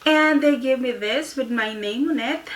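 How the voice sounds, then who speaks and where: A woman vlogger with a slight lisp from wearing aligners, reviewing a product in a casual sit-down video at home. She talks haltingly, with many pauses and fillers. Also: high-pitched, a little hiss or hum. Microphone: phone camera. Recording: echoey room.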